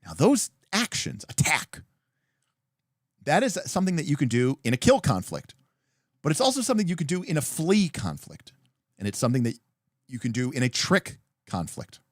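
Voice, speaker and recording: A man hosting a livestream, explaining tabletop game rules with emphatic, animated delivery and frequent fillers. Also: a little high, moderate pace, no room sound, clean studio sound. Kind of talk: livestream talk.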